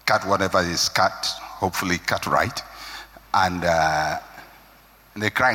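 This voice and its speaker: A man's voice: low voice, measured pace, pauses often, pushed and bright. A man preaching a sermon with an emphatic, rising and falling cadence. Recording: long hall reverb.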